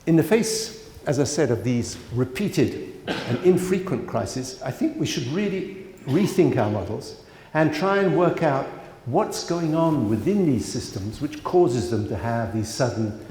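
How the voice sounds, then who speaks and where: A man's voice: mid-range voice, darkish tone. A man, an economics professor, giving a conversational conference lecture full of asides and fillers. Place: large lecture hall. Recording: roomy lecture hall reverb.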